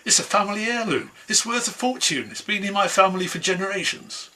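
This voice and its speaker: Brief: fretful captive young woman, high and husky, bright edge, put on by a male storyteller. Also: fairly quick, a little hiss or hum. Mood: indignant.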